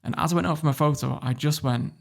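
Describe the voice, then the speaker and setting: Fast, gravelly northern English man. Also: fairly high pitch. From Warrington, England. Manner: animated storyteller, swears freely, laughs often. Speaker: podcast guest. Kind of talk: casual interview storytelling.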